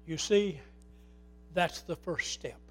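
Middle-aged male pastor with a high voice, preaching with passion and sudden drops to a hush. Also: slow pace. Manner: impassioned, swinging from loud to hushed. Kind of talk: sermon.

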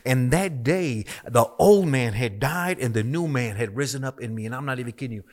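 A man's voice: medium pitch, a little fast. A man, a minister, telling his personal testimony as a guest in a conversation, emphatic and repetitive as he tells the story.

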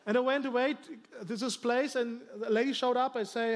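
A man from Germany with a German accent, preaching a sermon in halting English and telling stories with self-deprecating humor. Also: very high-pitched, steady tone. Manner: halting, searching for words in English. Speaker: pastor. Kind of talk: sermon storytelling.

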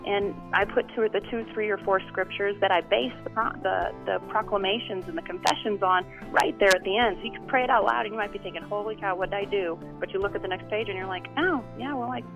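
A woman pastor and author, guest on a phone interview, talking in an animated, emphatic way. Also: medium pitch, fast talker, gravelly, few pauses, faint music behind. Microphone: phone line. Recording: tinny phone line.

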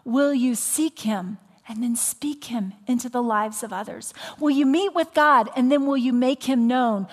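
A woman's voice: high voice, a little slow, few pauses. Woman pastor preaching in a reverberant hall. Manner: animated storytelling, dropping to soft whispered appeals. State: recovering from voice loss. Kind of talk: sermon.

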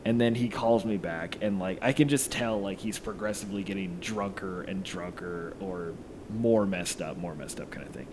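A man's voice: low-pitched, moderate pace, noisy background. A man casually telling a long story, rambling and swearing freely, with lots of filler words. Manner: rambling, profane, heavy use of "like".

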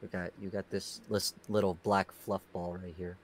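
A man's voice: sits low, little pitch movement, moderate pace, slight background noise. A man co-hosting a stream, joking and repeating words in casual chat. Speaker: stream co-host.

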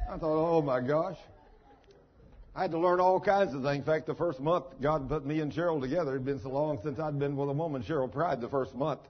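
A man's voice: a little high, breathy edge. An older man, a pastor, preaching a sermon in a folksy storytelling manner. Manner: folksy storytelling, down-home phrasing. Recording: dull lo-fi sermon recording.

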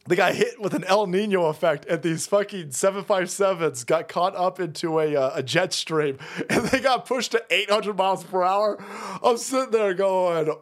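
A man ranting on a livestream, sarcastic and mocking, swearing constantly. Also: high-pitched. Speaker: streamer. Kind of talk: livestream rant.

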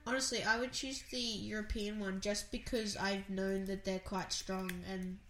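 A woman chats casually on a podcast, answering bluntly in short replies. Her voice is mid-pitched and sounds roomy and echoey, over a faint hiss. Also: flat delivery, moderate pace, fairly bright tone. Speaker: podcast co-host. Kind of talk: casual chat. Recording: echoey room.

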